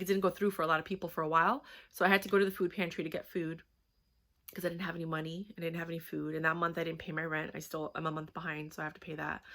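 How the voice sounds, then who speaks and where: Frank, bright-voiced woman in her thirties. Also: lowish voice. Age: 30s. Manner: rambling and frank, peppered with fillers and swearing. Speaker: vlogger. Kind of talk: candid storytelling vlog.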